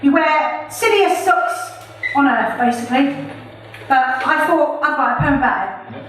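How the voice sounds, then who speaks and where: High-voiced woman reciting her poems. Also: animated, unhurried, fairly bright tone, a little hiss or hum. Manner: playful, chatty between poems, laughs at own jokes. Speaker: poet performing her own poems. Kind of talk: live spoken-word poetry reading. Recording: echoey room from far off.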